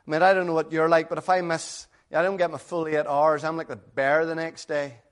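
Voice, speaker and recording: A man's voice: a little high, little pitch movement, a little fast. A man preaching a sermon in an earnest, conversational way, full of rhetorical questions.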